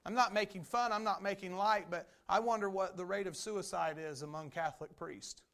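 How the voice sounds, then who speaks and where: A man's voice: sits high, brisk, vocal fry, a bit bright. A man preaching a sermon as a Baptist pastor, emphatic and repetitive. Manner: emphatic preaching with repeated phrases.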